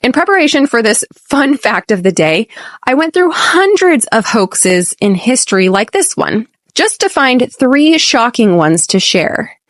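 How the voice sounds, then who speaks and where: American woman, podcast teacher, higher voice, clear deliberate delivery, dry close sound. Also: big pitch swings, no room sound. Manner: clear, deliberate, models phrases slowly for repetition. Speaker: podcast host and English teacher. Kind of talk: scripted English lesson podcast.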